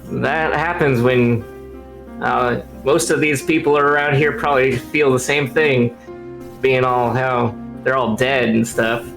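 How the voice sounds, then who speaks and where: A man narrating as game master over a video call, relaxed and full of fillers. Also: mid-range voice, a little slow, gravelly, faint music behind. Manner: relaxed, many fillers and restarts.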